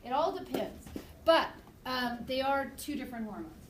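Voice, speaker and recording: Woman biology teacher, high voice, chatty and animated, recorded far off in a noisy, echoey classroom. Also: moderate pace. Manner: lively, chatty, acts out examples. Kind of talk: classroom lecture.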